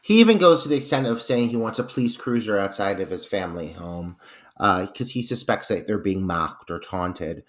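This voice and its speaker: A man co-hosting a podcast, casually analysing a movie, thinking aloud with many pauses and restarts. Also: on the low side, expressive. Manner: thoughtful, hesitant, with fillers and restarts. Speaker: podcast co-host. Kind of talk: casual film review chat.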